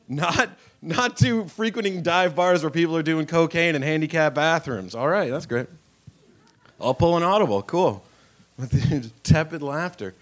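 A man's voice: on the high side, animated, unhurried. Crude young man doing stand-up. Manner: crude, self-mocking storytelling with acted-out voices. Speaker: stand-up comedian. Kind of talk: stand-up set. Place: comedy club stage with live audience.

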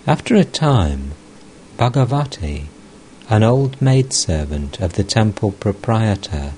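A male narrator reading a spiritual book aloud in a calm, scripted style. His voice is very low and deep. He reads slowly and evenly. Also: slight background noise, rough recording. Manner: calm, even, unhurried reading. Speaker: audiobook narrator.

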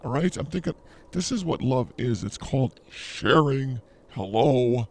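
A male podcast co-host bragging and ribbing his partner in playful banter. His voice has a gravelly, fry-heavy texture at a middle pitch. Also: lively intonation, measured pace. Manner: boastful, mock-arrogant teasing. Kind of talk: comedic banter.

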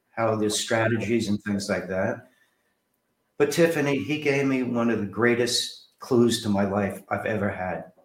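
A man from New Jersey, guesting as an author and film director, spins animated tales from his life and mimics the characters he quotes. His voice is on the low side and the room echoes.

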